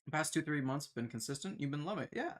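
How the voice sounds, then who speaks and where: A man's voice: on the high side, lively intonation, rapid-fire. A man streaming a game, chatting in a rambling, self-deprecating way and laughing often. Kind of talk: casual chat while gaming.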